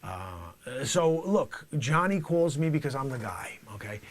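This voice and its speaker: A man's voice: mid-range voice, big pitch swings, unhurried, voice pushed down. A man voicing a sleazy, tough-talking middle-aged male drug dealer in a comedic mock courtroom sketch, boastful and brash.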